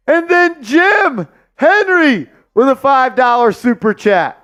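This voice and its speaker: A man hosting a live sports watch-party stream, hyped and loud as he shouts out viewers' donations and calls the game. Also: very high-pitched, lively intonation, takes it slowly, muffled recording.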